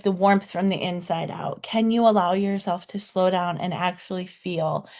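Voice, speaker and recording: A woman talking to camera as a coach, in a casual, reflective way, full of "like" and "right?", slowing down to linger on key words. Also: medium pitch. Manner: chatty, many fillers like "like" and "right?". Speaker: life coach.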